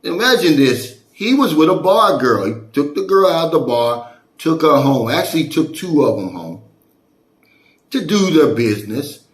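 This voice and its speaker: A man vlogging on his channel and telling a story in a chatty, animated way, sprinkling in "man" as he goes. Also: on the high side, moderate pace, echoey room. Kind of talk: casual storytelling vlog.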